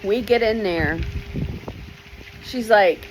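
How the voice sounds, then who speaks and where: A woman's voice: mid-range voice, a little hiss or hum, poor audio. A woman, an author, telling a personal story from her childhood and acting out the voices she quotes. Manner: unhurried, starts many sentences with "well", acts out quoted voices.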